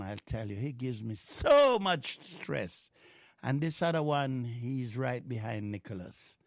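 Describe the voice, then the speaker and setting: A man's voice: mid-range voice, vocal fry, dry recording, studio quality. A man hosting a community radio show, chatting and teasing callers, slipping into Jamaican phrasing. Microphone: studio mic.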